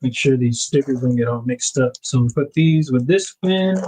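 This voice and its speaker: A man with a dark, slightly rough mid-range voice speaks at a moderate pace, heard through poor audio. He hosts a casual livestream, narrating as he packs things up, rambling and correcting himself with brief laughs.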